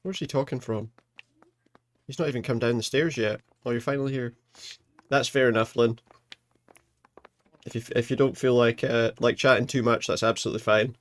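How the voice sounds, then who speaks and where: Streamer guy rambling over a game, mid pitch, lots of uhs. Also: steady tone, normal speed, pauses often, dry recording. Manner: chatty, rambling with fillers. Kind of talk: casual let's play commentary.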